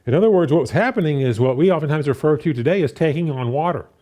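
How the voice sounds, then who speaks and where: A man's voice: a little high, fast talker. A man preaching a sermon in a conversational way, reading scripture aloud, with frequent restarts and "you know" fillers. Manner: reads scripture aloud and paraphrases it with animated voices.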